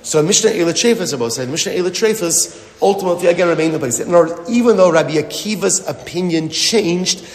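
A man's voice: high voice, expressive, fast. Emphatic man teaching Talmud, echoey hall. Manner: emphatic, repeats phrases and asks rhetorical questions. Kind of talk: Talmud lesson explanation. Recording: echoey hall with long reverb.

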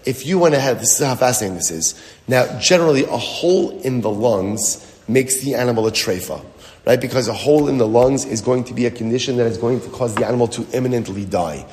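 A man's voice: mid-range voice, brisk, a little mellow. A man explaining a Talmud passage in an emphatic way, repeating phrases and asking rhetorical questions. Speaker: Talmud teacher. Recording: echoey hall with long reverb.

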